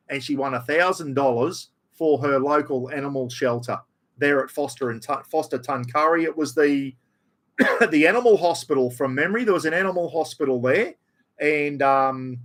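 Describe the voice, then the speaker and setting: A man's voice: fairly high pitch, fairly bright tone. A middle-aged Australian man chatting casually on his livestream, reading out chat comments in a broad, blokey way. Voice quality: broad, blokey, says "mate" and "bloody" a lot. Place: room at home with aircon.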